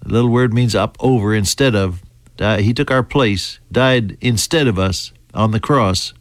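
An American man preaching a Bible teaching in a deliberate, halting way, with fillers and restarts. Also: lowish voice, no room sound. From United States.

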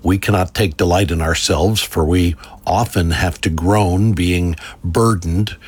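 A man giving a devotional reading in a solemn, measured way. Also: low-pitched, steady tone, breathy edge. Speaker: preacher.

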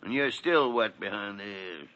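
An actor playing a gruff, teasing veteran male doctor with a cold, in 1940s radio style. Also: fairly low pitch, normal speed, sharp tone. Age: older. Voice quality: gravelly, teasing. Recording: dull 1940s radio recording.

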